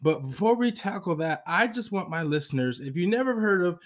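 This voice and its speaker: A man's voice: high-pitched, brisk. Chatty, laughing male podcast host. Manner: lively, chatty, laughs often. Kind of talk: casual interview chat. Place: US West Coast.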